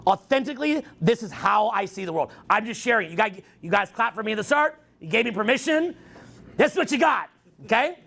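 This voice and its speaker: A man in his forties holding forth at a live event, his voice pitched high with a gravelly edge. He talks in wild swoops, crude and joking, sliding into mock voices and bursting into shouts. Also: expressive, fairly quick. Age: 40s. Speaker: dating coach speaking to a live audience. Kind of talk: rambling stage talk. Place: event hall with an audience.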